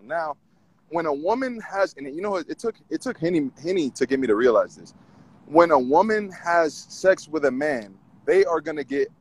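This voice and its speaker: A man calling in to a talk show, arguing his side in an animated way and often repeating himself. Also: fairly high pitch, rough recording. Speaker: caller. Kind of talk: casual call-in debate.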